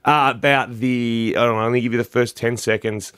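A man's voice: mid-range voice, fairly even intonation, fairly quick, fairly bright tone, clear, resonant tone, no echo, studio quality. An Australian man co-hosting a radio breakfast show, laid-back and joking, a little rambling. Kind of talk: casual on-air banter. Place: radio studio. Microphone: studio microphone.

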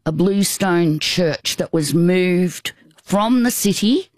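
An older Australian woman tells a personal story at an unhurried pace. She talks haltingly, with restarts and asides. The sound is close and dry. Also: lowish voice, lively intonation, darkish tone, dry recording. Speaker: guest.

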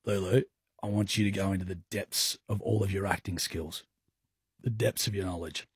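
A man's voice: low voice, steady tone, normal speed, slightly rough, no echo, clean studio sound. A man co-hosting a breakfast radio show, teasing his co-host and laughing often.

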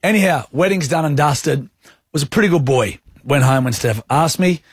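A man's voice: on the high side, normal speed, husky, dry recording, clean studio sound. A man in his thirties with an Australian accent, co-hosting a radio show and telling a self-mocking anecdote. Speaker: radio co-host. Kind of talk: casual breakfast-radio banter, storytelling. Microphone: studio microphone.

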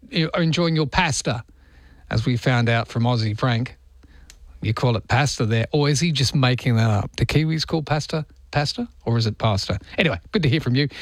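A middle-aged man hosts an overnight talkback show in a relaxed, chatty way. He calls listeners mate and jokes along with them. His voice sits in a middle register and sounds close and dry in the studio. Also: mid-range voice, no room sound. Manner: chatty, friendly, greets callers as mate. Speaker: overnight radio host. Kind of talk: casual talkback radio chat. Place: radio studio. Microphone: studio microphone.

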